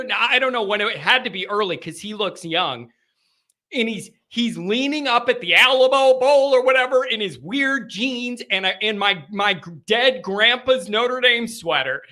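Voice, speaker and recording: A man's voice: high-pitched, pushed and bright. A man hosting a live sports call-in show, chatting casually with rambling asides, laughter and self-interruptions.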